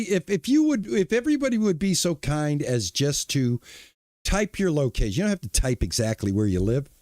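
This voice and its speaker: A man's voice: on the high side, a little mellow, dry recording, studio quality. A middle-aged man streaming a game, chatting casually and greeting viewers by name, often restarting his words. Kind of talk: casual live-stream chat.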